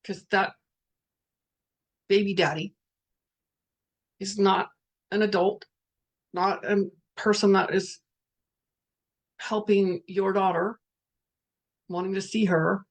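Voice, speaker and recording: A woman's voice: mid-range voice, fairly even intonation, slow pace, pauses often. A middle-aged woman leading a reflective spiritual talk, speaking candidly and earnestly, sometimes swearing. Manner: candid, earnest, swears, reads out participants' messages. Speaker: workshop facilitator.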